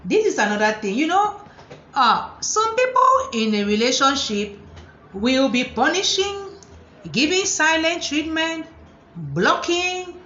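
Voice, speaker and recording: A lively woman therapist speaks in a fairly high voice, animated and mocking the controlling partners she describes. The room rings with echo, and the sound is a little dull. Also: slow pace. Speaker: psychotherapist and motivational speaker. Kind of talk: talking to camera about relationships.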